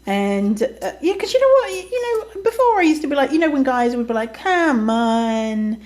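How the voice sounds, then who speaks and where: A woman's voice: high voice, sing-song, quick pace, a little mellow. A woman hosting a podcast, telling a story in a casual, chatty way, swearing freely and often laughing. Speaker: podcast host.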